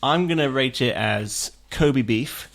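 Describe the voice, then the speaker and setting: Male co-host, earnest, argues his corner, halting restarts. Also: mid-range voice, vocal fry, fairly bright tone. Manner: earnest, defends his opinions, starts lines with hesitant restarts. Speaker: podcast co-host. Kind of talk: casual group chat about video games.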